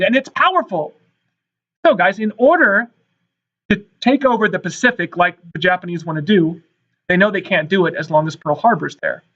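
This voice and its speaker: Speaking emphatically to his students, a man with a high, slightly bright voice teaches history and keeps checking in with "all right" and "guys." The clip is a recorded classroom lecture captured in dull lo-fi quality.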